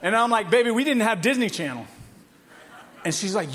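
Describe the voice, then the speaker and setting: Animated high-voiced male pastor. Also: a little fast. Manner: animated storytelling with laughs. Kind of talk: sermon. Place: church hall.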